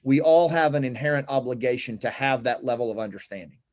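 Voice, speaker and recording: A middle-aged man speaking at an ordinary pitch, in the earnest, unhurried tone of someone recounting something that mattered to him. He talks in a casual conversational style, pausing and restarting with small fillers as he gathers his thoughts. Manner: earnest, reflective, halting with fillers. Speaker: guest. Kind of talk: casual conversation, personal storytelling.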